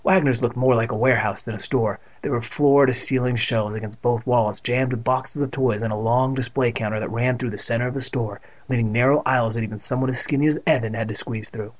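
A man's voice: medium pitch, steady tone, fairly quick, few pauses. A man reading a children's book aloud and tossing in joking asides. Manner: adds joking asides to the text. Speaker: reader. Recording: muffled lo-fi recording.

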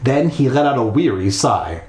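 A man's voice: medium pitch, lively intonation, normal speed, darkish tone. A man reading a spooky children's book aloud in a bathtub, throwing in crude, irreverent asides. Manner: irreverent, swearing ad-libs. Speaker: reader. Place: bathroom, in a bathtub. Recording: echoey bathroom.

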